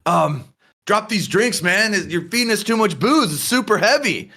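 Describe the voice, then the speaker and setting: A man's voice: sits high, expressive, moderate pace, pushed and bright, voice pushed up, exaggerated voice. Man playing a slurring drunk brawler. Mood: drunk, cocky. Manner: slurring, boisterous.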